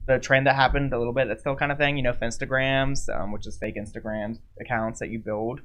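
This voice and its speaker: A woman's voice: rumbling low, steady tone, fairly quick, fairly bright tone. A young woman guest who works with youth, talking in a frank, casual way with many "like"s. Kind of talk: casual chat.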